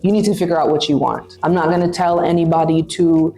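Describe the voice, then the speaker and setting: Blunt big-sister vlogger woman, mellow voice. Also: on the low side, steady tone, quick pace, vocal fry, faint music behind. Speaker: vlogger giving advice. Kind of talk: casual advice chat, reading viewer questions.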